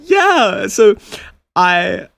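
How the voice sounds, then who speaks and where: A man's voice: sits high, very animated, extremely slow, vocal fry, a bit bright, no room sound. Casual chatty Australian guy, young adult, laughs a lot, very dry close sound. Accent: Australian, mixed with American and British. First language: not English. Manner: laughing, chatty, many restarts. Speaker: YouTuber and guest. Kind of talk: casual podcast chat.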